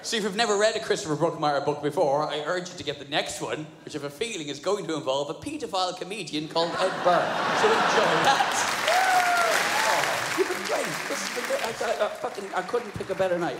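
A man doing a stand-up comedy set, sweary and animated, laughing at his own jokes. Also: sits high, fast talker. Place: live comedy venue. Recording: live venue, roomy hall echo, crowd noise.

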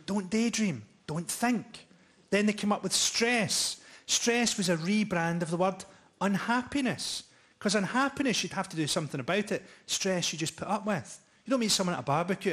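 A man in his forties performing a stand-up routine on a live stage, telling dark, profane jokes in a deadpan way. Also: sits high, moderate pace. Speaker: stand-up comedian. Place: live comedy venue with audience laughter.

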